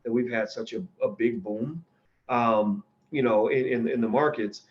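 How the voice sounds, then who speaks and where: A man hosts a casual livestream, answering viewer questions in a blunt, opinionated way. He talks in loose, rambling runs and keeps restarting his sentences. His mid-pitched voice comes through dull, lo-fi stream audio. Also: a little slow. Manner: rambling and conversational, with frequent restarts.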